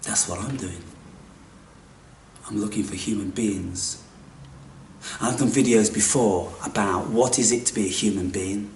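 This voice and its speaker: Theatrical man, slow, in an echoey room. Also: on the low side, slight background noise. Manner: theatrical, swinging from hushed whispers to loud outbursts; blunt, swears casually. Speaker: spiritual speaker. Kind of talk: spiritual monologue. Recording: echoey room, mic far off.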